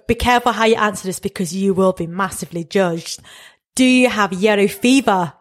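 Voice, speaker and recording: A woman, co-hosting a podcast in casual chat and telling stories in an animated way. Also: mid-range voice, a little fast. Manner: chatty, animated storytelling with laughs. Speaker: podcast co-host.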